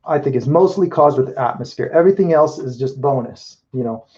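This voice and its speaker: A man's voice: medium pitch, fairly quick, darkish tone, dull audio. A man chatting casually as he paints live, thinking aloud and correcting himself as he goes. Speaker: mural painter.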